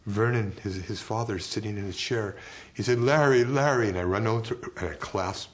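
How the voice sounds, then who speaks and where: A man in a documentary interview, telling his memories in a vivid, halting way. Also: fairly low pitch, fairly even intonation. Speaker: interviewee recalling a friend's death.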